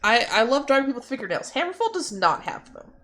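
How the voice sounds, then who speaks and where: A woman's voice: high-pitched, big pitch swings, fast, sharp tone, a little hiss or hum. A young woman chatting casually while she draws on stream. She giggles and swears freely. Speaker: streamer and artist.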